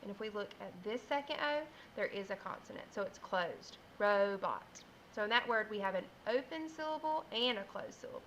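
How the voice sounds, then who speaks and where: Bright-voiced teacher sounding out letters. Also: female voice, mid-range voice, animated, dull audio, slight background noise. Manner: slow, clear, sounding out letters. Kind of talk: phonics lesson for young children.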